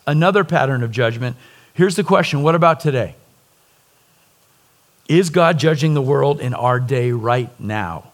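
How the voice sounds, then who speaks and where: Earnest middle-aged preacher, slightly high voice. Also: male voice. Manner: earnest, emphatic preaching with frequent rhetorical "right?". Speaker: pastor. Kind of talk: sermon.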